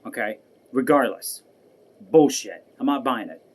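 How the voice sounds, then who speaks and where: A man sits alone venting to his viewers in a heated, profane rant. He repeats his points and swears often, and his tone never settles into calm. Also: medium pitch, unhurried. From United States. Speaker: vlogger. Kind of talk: angry personal rant to camera.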